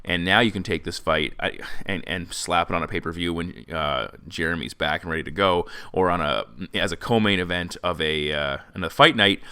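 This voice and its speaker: Fast-talking low-voiced man hosting a show. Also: pushed and bright, clear, resonant tone, dry recording. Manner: fast, opinionated, sarcastic at times. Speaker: podcast host. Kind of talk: MMA predictions commentary. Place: classroom.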